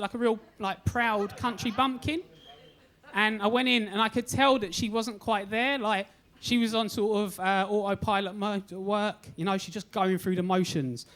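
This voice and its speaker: A man's voice: sits high, a bit bright. A young man doing a stand-up comedy set on a club stage, telling self-deprecating stories with a cheeky edge. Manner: cheeky, self-deprecating storytelling with acted-out quotes.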